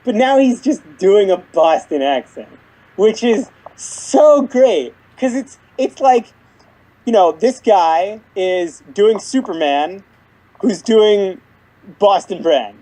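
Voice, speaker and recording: A podcast co-host in casual chat about a cartoon episode, jokey and excitable, swearing casually. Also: medium pitch, slow.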